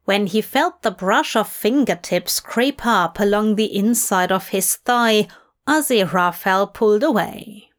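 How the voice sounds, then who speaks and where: A woman narrating a fan fiction audiobook in a soft, measured storytelling manner. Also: medium pitch. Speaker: reader.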